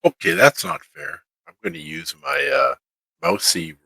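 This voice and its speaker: A man's voice: fairly high pitch, sing-song, measured pace, vocal fry, bright, forceful tone, slightly rough, dry recording, low-quality recording. A man playing a tabletop game, talking hesitantly and second-guessing his choices. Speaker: player.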